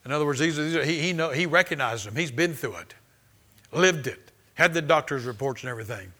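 A man's voice: a little high, animated, fairly quick, pushed and bright. A man preaching a charismatic sermon, fervent and exclaiming, often repeating words and restarting. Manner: fervent, exclaiming and laughing in faith.

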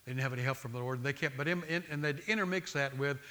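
A man's voice: medium pitch, very fast, pushed and bright. A man preaching a sermon, with an emphatic, repetitive cadence that builds through lists of phrases.

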